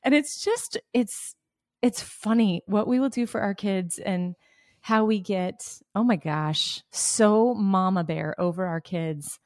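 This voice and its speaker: A middle-aged woman co-hosting a faith podcast, telling a family story in an animated way, acting out quotes and laughing. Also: mid-range voice, slow pace, no room sound, studio quality. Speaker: podcast co-host.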